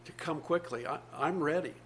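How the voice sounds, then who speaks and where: A man's voice: a little high, normal speed, a bit bright, a little hiss or hum. A man, probably older, preaching a sermon, reading scripture aloud and explaining it earnestly with repeated phrases.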